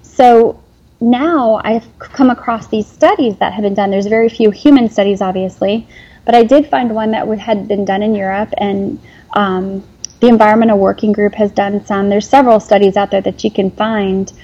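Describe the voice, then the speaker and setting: Earnest woman with a mellow husky voice. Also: medium pitch, steady tone, moderate pace, highs cut off. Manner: earnest, rambling with restarts and fillers. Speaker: guest, company founder and former nurse. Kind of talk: emotional interview conversation.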